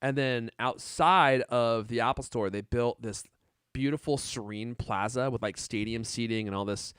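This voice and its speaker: A man's voice: mid-range voice, normal speed, a bit bright, clean tone, no room sound, studio quality. A man co-hosting a tech podcast in casual chat, joking and rambling, laughing often. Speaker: podcast co-host.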